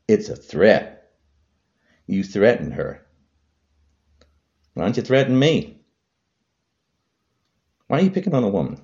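A man's voice: sing-song, takes it slowly, pauses often, a little mellow, lo-fi sound. A man delivering an angry political rant to camera, hurling repetitive insults. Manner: heated, repetitive insults, voice swinging high and low. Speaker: vlogger.

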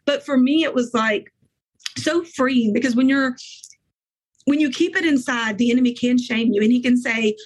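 A middle-aged woman being interviewed, telling an earnest, emotional faith testimony in quick bursts of speech. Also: sits high, low-quality recording. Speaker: guest.

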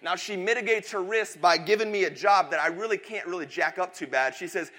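Slightly high-voiced joking male preacher. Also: a little fast, pushed and bright. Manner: chatty, joking storyteller. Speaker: pastor. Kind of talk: sermon with a humorous personal story.

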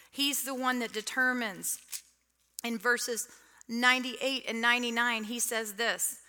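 A woman's voice: mid-range voice, pushed and bright. A middle-aged woman preaching a sermon in a conversational, teasing way, often asking the audience questions. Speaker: women's speaker.

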